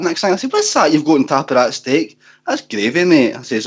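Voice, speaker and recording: A man's voice: fairly high pitch, huge pitch swings, quick pace, slightly rough. Mock-outraged man on a phone-in. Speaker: panelist. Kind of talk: casual radio phone-in banter. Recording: dull lo-fi online call audio.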